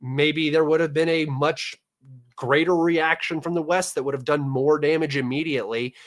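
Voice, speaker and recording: A man's voice: on the high side, steady tone, moderate pace. A man answering viewer questions in a casual talk, rambling, with many fillers and restarts. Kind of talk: casual analysis chat.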